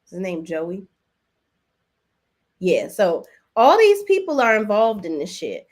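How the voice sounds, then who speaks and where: Woman doing a chatty soap recap live, talks right to her chat, casual and animated, black vibe. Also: medium pitch, slow pace. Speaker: host.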